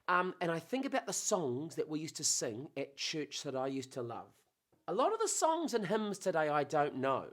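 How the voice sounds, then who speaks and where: A man hosting a casual, playful monologue, rambling warmly between jokes and memories. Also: on the high side, very animated, normal speed. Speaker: host.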